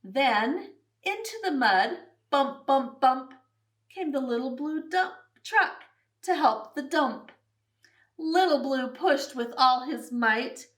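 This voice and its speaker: A woman reading a picture book aloud for children in an animated, sing-song way, making animal sounds along the way. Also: sits high, slow pace, far from the mic. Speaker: children's storyteller.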